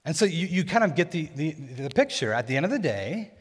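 A man's voice: on the high side, big pitch swings, fairly quick, husky. A young adult man preaching a sermon in a casual, conversational teaching manner. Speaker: pastor. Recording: long hall reverb.

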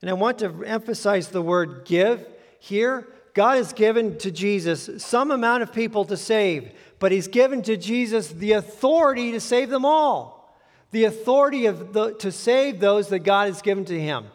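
A man's voice: high-pitched, lively intonation, moderate pace. A man preaching a sermon, reading scripture aloud and then explaining it in a conversational way. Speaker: pastor. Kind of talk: expository sermon. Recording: long hall reverb.

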